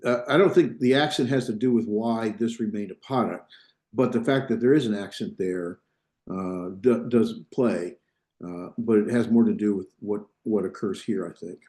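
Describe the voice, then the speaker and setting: A man lecturing on Hebrew grammar to a classroom, his voice mellow and warm. He walks through each point step by step, thinking aloud and pausing to check that students follow. The sound rings a little off the room's walls. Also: lowish voice. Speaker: Biblical Hebrew instructor. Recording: echoey classroom.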